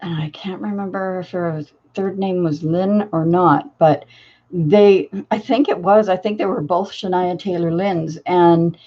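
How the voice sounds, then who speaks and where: A woman's voice: fairly low pitch, steady tone, unhurried, highs cut off. An older woman, a grandmother and crafting channel host, telling a family story in a casual, rambling way full of fillers and restarts.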